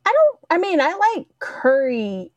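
A woman in casual podcast chat, chatty and quick to laugh. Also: sits high, wildly swooping pitch, dry recording, dull audio. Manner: laughs often, chatty storyteller.

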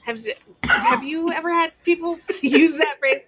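A woman's voice: extremely high pitch, fairly even intonation, moderate pace, noisy background. A woman in casual chat, complaining with amusement and chatty energy.

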